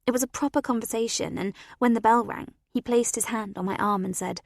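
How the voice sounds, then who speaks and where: Gravelly woman narrating a story. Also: fairly high pitch, a little fast, no echo, clean studio sound. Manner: expressive, animated storytelling. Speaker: audiobook narrator. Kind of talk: first-person scripted narration.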